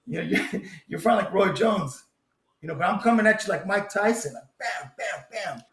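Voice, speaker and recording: A man taunting his opponent in an online debate, his voice high and bouncing around an echoey room. He boasts and laughs while claiming victory. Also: fairly quick, vocal fry, a bit bright.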